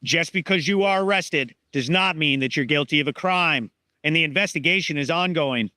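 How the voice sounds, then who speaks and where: A man hosting a news show, reading scripted news narration in a plain, measured way. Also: on the high side, pushed and bright, no room sound.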